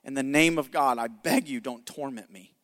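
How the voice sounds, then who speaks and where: Pastor doing a cornered demon guy begging, lower and pleading, big echoey hall. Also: normal speed, fairly bright tone, natural voice. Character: pleading male evil spirit, cornered and begging.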